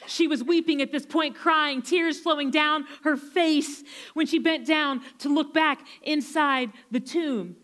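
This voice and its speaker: A woman preacher retelling a story in a sermon, emphatic, repeating phrases and slowing down to stress key lines. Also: sits high, a bit bright.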